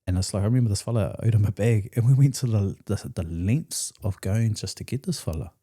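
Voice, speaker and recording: A New Zealand man speaking as a podcast guest, his voice low and dark in tone. He recounts his past candidly, with blunt, slangy, profane phrasing. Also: a little fast, breathy edge. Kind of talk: candid storytelling in conversation.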